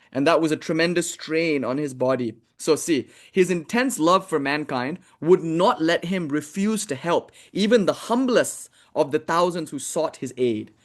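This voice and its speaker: A man giving a spiritual lesson, reading a text aloud and breaking off into casual, chatty commentary. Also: on the high side. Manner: casual, chatty asides, frequent "like". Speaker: spiritual teacher.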